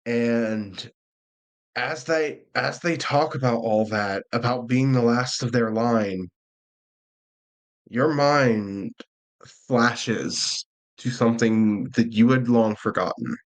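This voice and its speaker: A man at a mid pitch narrates a tabletop game as its master. He talks casually, swears freely and laughs often. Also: slow pace.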